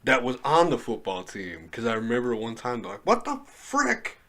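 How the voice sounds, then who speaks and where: A young man hosting a casual podcast chat, giggling often and bursting into loud quoted lines. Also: medium pitch, a little fast. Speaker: podcast host.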